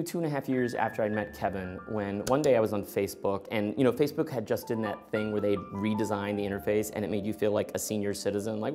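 A middle-aged man telling a personal story, acting out both sides of the conversations as he goes. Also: mid-range voice. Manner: animated, acts out both sides of dialogue.

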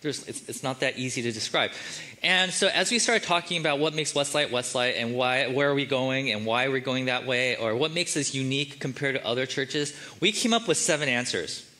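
Bright-voiced, joking male pastor. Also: medium pitch, a little fast. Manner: casual, joking, conversational preaching. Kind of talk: sermon.

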